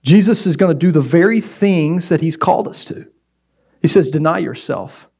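A middle-aged man delivers a sermon as a pastor. He preaches with animation and slips into acted-out scenes. His voice sits somewhat high for a man. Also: moderate pace, darkish tone.

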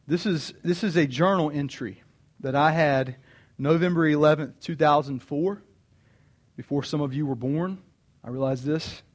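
A man in his thirties preaching a sermon, earnest and personal, repeating key phrases for emphasis. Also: on the high side. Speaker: pastor.

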